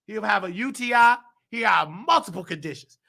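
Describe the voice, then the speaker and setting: A man who is losing his voice, hosting his show with heated, indignant commentary and bursts of shouting. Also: high voice, lively intonation, moderate pace, creaky. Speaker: nursing aide and show host. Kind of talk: ranting commentary.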